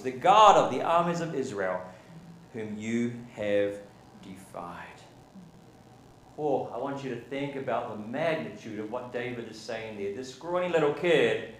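A man's voice: medium pitch, a little hiss or hum. A man preaching a sermon as pastor, building to emphatic peaks and asking the congregation questions. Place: church sanctuary. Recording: echoey church room.

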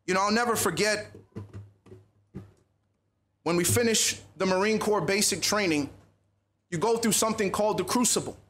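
A man speaking at a youth conference, telling a personal story in a lively, animated sermon style. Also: high-pitched, moderate pace, long pauses. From USA.

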